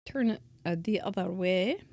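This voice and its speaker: A woman's voice: mid-range voice, moderate pace, darkish tone, no echo. A woman giving a chatty, casual crafting tutorial, drifting into asides and laughing often. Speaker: crafting instructor.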